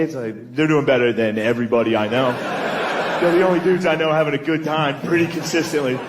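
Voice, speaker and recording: A man's voice: medium pitch, fast talker. A man performing stand-up comedy in a casual, profane, conversational way. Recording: live stand-up with clear background noise.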